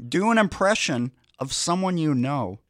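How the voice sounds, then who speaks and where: A man co-hosting a podcast in casual chat, with a deep, mellow voice and dry, deadpan delivery. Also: moderate pace, no echo. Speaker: podcast co-host.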